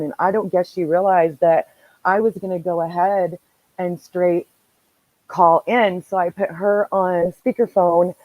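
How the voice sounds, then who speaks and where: Dry-sounding, low-voiced woman telling a story. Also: a little slow, dry recording, phone-quality sound. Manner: animated, swears freely, acts out conversations. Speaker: podcast host. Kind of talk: casual storytelling chat.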